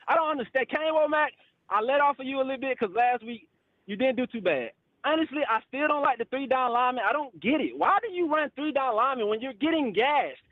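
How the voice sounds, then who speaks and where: A man's voice: extremely high pitch, no echo, highs cut off. A male caller on a call-in show, ranting in frustration, swearing and repeating "bro" and "literally.". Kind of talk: heated call-in rant.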